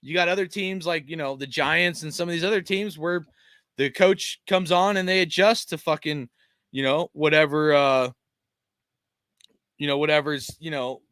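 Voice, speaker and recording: A man's voice: on the high side, steady tone, normal speed, a bit bright, clear, resonant tone, dry recording, clean studio sound. A man hosting a fan stream, venting in a frustrated, profane rant full of fillers while reading chat, tired after a long day. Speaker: fan channel host.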